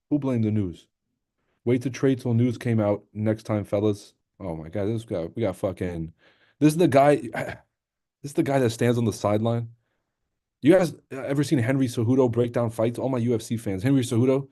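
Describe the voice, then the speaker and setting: A young man hosting a casual trading livestream, joking and swearing freely as he answers his chat. His voice is mellow and warm, set at a middle pitch for a man. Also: normal speed, pauses often. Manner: joking, profane, reacts to chat.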